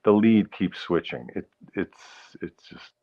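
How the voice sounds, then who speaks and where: A man hosting a casual solo livestream, rambling and punning, often interrupting himself and clearing his throat. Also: deep voice, expressive, slow, lo-fi sound. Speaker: livestream host.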